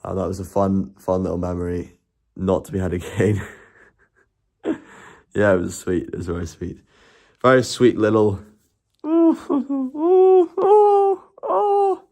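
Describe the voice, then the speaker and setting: A man's voice: sits low, a little mellow. A man chatting casually and rambling on a live stream, laughing and swearing as he goes.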